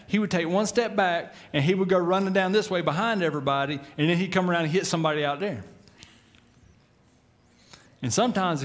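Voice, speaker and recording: A middle-aged man preaching to his church. His voice sits a little high for a man. He tells the story with animated put-on voices and keeps chuckling along the way. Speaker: pastor. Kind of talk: sermon.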